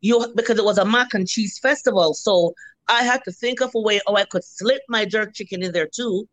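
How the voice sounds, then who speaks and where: A middle-aged Jamaican woman, a food vendor, chatting in an interview as a lively storyteller who swears freely. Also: medium pitch, brisk, no echo, low-quality recording. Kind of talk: casual interview chat.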